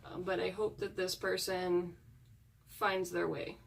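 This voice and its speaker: A woman's voice: fairly low pitch, little pitch movement, slow pace, vocal fry, husky, distant mic. Woman chatting casually, set back from the mic. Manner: chatty and earnest, with frequent fillers. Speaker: paranormal investigator vlogger. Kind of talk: casual chat.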